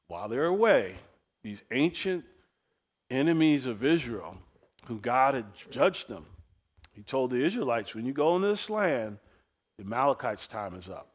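A man preaching a sermon, telling the story in a lively, conversational way and acting out the quoted speakers. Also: medium pitch. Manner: animated storytelling preacher, acts out quoted voices; casual, chuckles often. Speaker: pastor.

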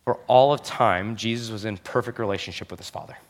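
Young guy pastor preaching, lowish voice, earnest, leans on the big words. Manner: earnest, emphatic, slows down on key phrases. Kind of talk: sermon.

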